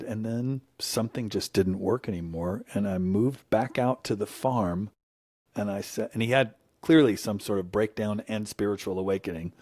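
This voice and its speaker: A man's voice: lowish voice, darkish tone, no room sound, studio quality. A middle-aged man from the United States, telling stories in an earnest, reflective conversation. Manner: earnest, storytelling, voice lifts when quoting. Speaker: guest.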